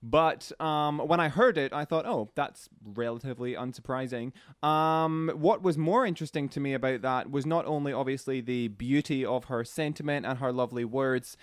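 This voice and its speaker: A man co-hosting a casual podcast. He talks at length in a chatty, thoughtful way, often pausing on "um" as he gathers his thoughts. His voice is at a middle pitch for a man and sounds dry and close-miked. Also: steady tone, clear, resonant tone, dry recording. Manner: chatty and thoughtful, with frequent ums. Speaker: podcast co-host.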